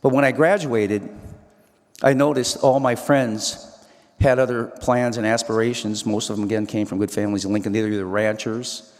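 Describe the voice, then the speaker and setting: A man's voice: lowish voice, fairly even intonation, normal speed, darkish tone. A man giving an earnest talk about his life, recalling scenes and quoting dialogue as a storyteller. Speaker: speaker. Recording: hall reverb.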